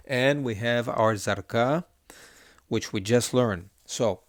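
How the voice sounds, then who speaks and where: A man teaching a lesson, patiently encouraging his students as he alternates slow chanted readings with quick explanations. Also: mid-range voice, no echo, clean studio sound. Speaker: Hebrew cantillation teacher.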